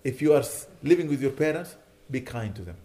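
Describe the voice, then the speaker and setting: A man's voice: medium pitch, expressive, a little fast, mellow. A man giving an earnest sermon, pleading with his listeners and rising to indignant emphasis. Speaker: imam.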